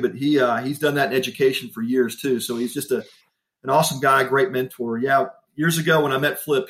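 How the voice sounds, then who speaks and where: A middle-aged man telling a personal story in an interview, animated and laughing often. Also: mid-range voice. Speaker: guest.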